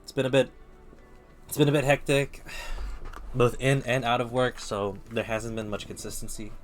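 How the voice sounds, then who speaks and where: A man's voice: medium pitch, little pitch movement, moderate pace. A man streaming, casually chatting with his viewers in a loose, slangy way. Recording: faint music behind.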